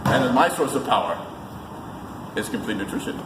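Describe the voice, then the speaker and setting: A man playing a self-important male thunder god, explaining a lift in a deadpan, mock-grand way. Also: mid-range voice, moderate pace, natural voice. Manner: deadpan mock-grand, plain unaccented delivery. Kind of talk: comedic fitness demonstration. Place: gym. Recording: echoey gym hall with noise.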